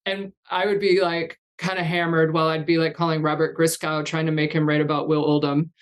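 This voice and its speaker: A woman in her fifties with a lowish voice, talking as an interview guest. She rambles through loose, anecdotal stories with frequent laughter and restarts. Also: flat delivery, fairly quick. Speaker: guest, artist coach. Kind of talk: casual interview chat.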